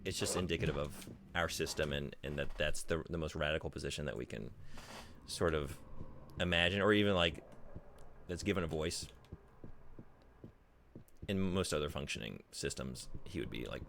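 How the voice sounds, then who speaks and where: A man's voice: extremely low pitch, moderate pace, creaky, pauses often, fairly bright tone, a little hiss or hum. A male streamer chatting casually while playing a game, rambling and swearing as he thinks aloud.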